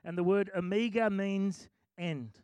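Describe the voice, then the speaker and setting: A man's voice: high-pitched, a little slow, a little mellow, clean tone, dry recording. A middle-aged male pastor preaching a sermon in a chatty, self-amused way, breaking into sung lyrics.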